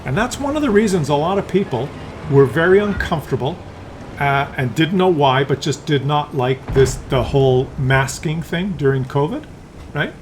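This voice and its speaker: A man's voice: fairly high pitch, lively intonation, normal speed, slight background noise. Rambling male YouTube commentator. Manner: rambling and conversational, with hesitant fillers and restarts; drops into brief acted voices for examples. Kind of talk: casual video commentary.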